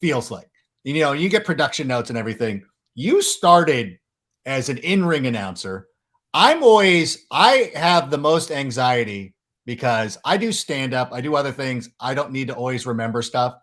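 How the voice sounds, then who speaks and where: A man's voice: mid-range voice, big pitch swings, normal speed, a bit bright. A man hosting a podcast in casual chat, telling stories animatedly and acting out quotes in raised voices. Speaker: podcast host.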